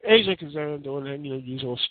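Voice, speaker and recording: A man's voice: a little high, fast talker, no room sound. A man giving a casual, rambling rant as a wrestling reviewer, incredulous and full of restarts. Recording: tinny phone-like sound.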